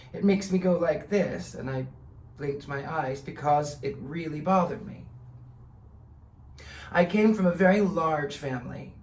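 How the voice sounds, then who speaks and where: A man hosting his own channel, telling a personal story in an earnest, deliberate way with theatrical emphasis. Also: fairly high pitch, reverberant. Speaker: channel host. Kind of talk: personal monologue to camera.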